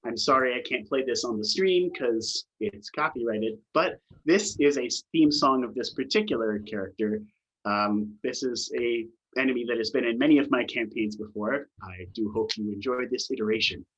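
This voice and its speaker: Husky male game master, casual rambling narration. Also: medium pitch, moderate pace, a bit bright. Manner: loose, filler-heavy narration.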